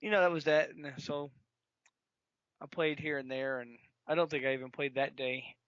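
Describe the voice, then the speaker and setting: This is a man co-hosting a gaming podcast, and he tells his story with animated, lively energy. His voice sits a bit high and sounds bright and forceful. The recording is dry and a little muffled. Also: normal speed, clean tone, dry recording. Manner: animated storyteller, acts out a phone call, yells and laughs. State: sore throat. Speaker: podcast co-host. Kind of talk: casual chat.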